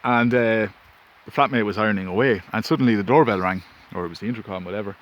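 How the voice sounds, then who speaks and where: A man's voice: lowish voice, fast talker, muffled recording. A man casually telling a rambling personal story outdoors, recorded on a phone in the wind. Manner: rambling anecdotal, self-interrupting. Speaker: vlogger. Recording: faint wind and ambience.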